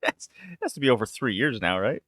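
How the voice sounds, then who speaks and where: Male podcast host, casual chat, bright voice, dry close sound, laughs a lot. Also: medium pitch, animated, fairly quick, no room sound. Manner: laid-back, laughs often, swears casually.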